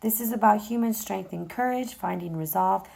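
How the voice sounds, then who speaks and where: Gravelly, worn-out woman tarot reader. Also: normal speed, a little mellow. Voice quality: gravelly, low voice. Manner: chatty, direct address, many fillers. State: vocally exhausted, voice going in and out. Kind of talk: casual tarot reading.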